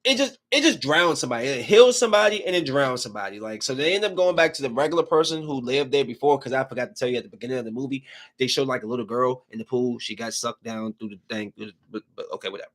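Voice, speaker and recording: A man's voice: mid-range voice, quick pace. A man hosting a podcast who rambles and recaps a movie in a casual, emphatic way. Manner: rambling, animated, emphatic storytelling. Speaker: podcast host. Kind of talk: casual chat.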